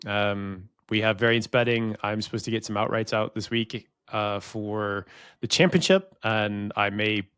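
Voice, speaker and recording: A man's voice: on the low side, unhurried, fairly bright tone, smooth, no room sound, clean studio sound. An American man co-hosting a podcast, talking frankly in casual chat, swearing now and then and often restarting his sentences. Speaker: podcast co-host.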